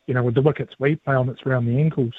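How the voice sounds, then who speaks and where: A man with a New Zealand accent, a comedian and actor, chatting as a radio guest in a relaxed, self-mocking way. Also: medium pitch, racing, husky, no echo. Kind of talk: casual phone interview. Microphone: phone line. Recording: tinny phone line.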